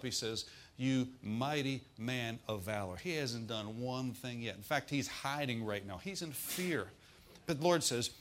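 A man's voice: medium pitch, fairly bright tone. A male preacher with a drawl delivers a sermon in a folksy, joking manner. He tells the story with plenty of asides to the congregation.

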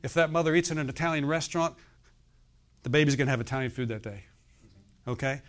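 Talking fast at a medium pitch and pausing often, a man in his sixties preaches as pastor. He's emphatic, repeatedly asking the congregation questions and calling for answers.

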